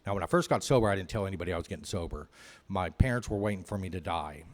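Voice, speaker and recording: A man tells his own recovery story in a very low voice. His delivery is candid and self-mocking, and he rambles with lots of "you know.". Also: expressive, racing. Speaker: AA speaker. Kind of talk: personal recovery story at a meeting.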